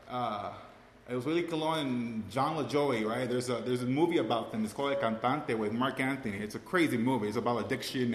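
A man's voice: medium pitch, fairly bright tone. A man sharing his recovery story with a group, rambling and emotional, often saying "you know" and "right". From Cuban family. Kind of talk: personal testimony to a group. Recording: echoey hall with faint room noise.

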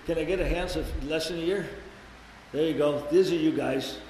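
A man in his twenties tells his story to a meeting, slightly higher-voiced than most men. He swears casually and jumps up high when he acts out voices. The sound is very echoey, with a long hall reverb and a faint hiss underneath. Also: a little fast, darkish tone. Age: 20s. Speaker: recovery meeting speaker. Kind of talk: personal recovery share to a group.

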